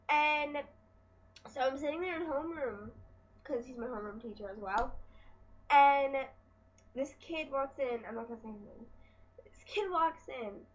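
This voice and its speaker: A woman's voice: a little high, muffled recording. A teenage girl vlogging at home, chatty and exasperated as she retells her school day. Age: teens. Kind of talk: casual storytelling vlog.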